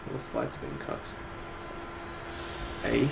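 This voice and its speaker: A tired man co-hosting a stream from home, chatting casually with short, dry replies. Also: slow. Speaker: co-host of an awards stream. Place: home room, at a desk. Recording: noisy home stream audio.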